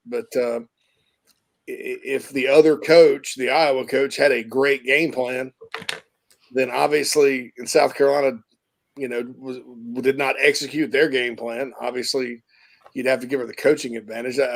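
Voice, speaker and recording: Gravelly man musing on sports. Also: mid-range voice. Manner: rambling, self-correcting, thoughtful. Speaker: sports talk show host. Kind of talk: casual sports talk.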